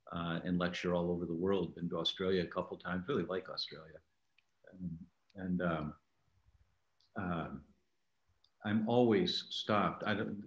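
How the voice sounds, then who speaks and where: An older man, a doctor and author, telling stories in a relaxed interview and acting out the lines he quotes. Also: sits low, highs cut off. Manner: animated storyteller, acts out quoted lines. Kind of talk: conversational interview storytelling. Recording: echoey room.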